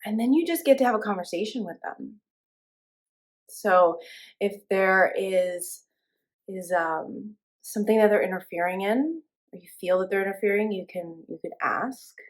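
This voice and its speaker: A young woman leads a spiritual class in a loose, conversational way. She talks casually, with plenty of fillers and restarts. Her pitch sits in an ordinary middle range. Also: moderate pace. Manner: relaxed, chatty, many fillers and restarts. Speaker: spiritual teacher.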